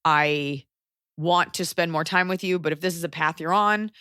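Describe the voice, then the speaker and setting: Blunt, animated woman podcast host. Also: on the low side, clean tone, no room sound, studio quality. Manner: animated, blunt, swearing, quick asides. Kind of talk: casual advice chat.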